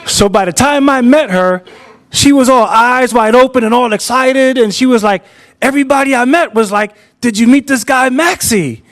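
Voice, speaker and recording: A man's voice: very high voice, normal speed, fairly bright tone. A man in his fifties telling a personal story on a theater stage, conversational and acting out the dialogue. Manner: conversational, acts out quoted dialogue.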